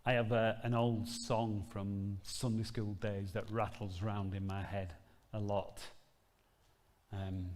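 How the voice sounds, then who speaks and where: A man's voice: fairly low pitch, flat delivery, slow pace, darkish tone, big-room sound. A man preaching a sermon in an earnest, conversational storytelling manner. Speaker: pastor.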